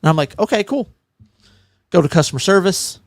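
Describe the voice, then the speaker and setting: Animated man telling a story, lively pitch. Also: a little fast, vocal fry, no echo, studio quality. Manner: animated storyteller, acts out other people's lines. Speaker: podcast co-host. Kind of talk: casual chat, storytelling.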